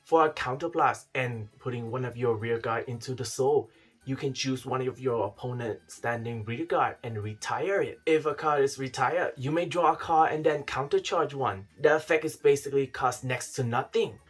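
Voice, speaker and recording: Man playing a male outback explorer with an Australian accent: soft, low-key, playful. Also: moderate pace, husky, soft background music, natural voice. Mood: hushed explaining. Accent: Australian, put on. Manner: jokey put-on slang, soft and low. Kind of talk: comic card-game reveal.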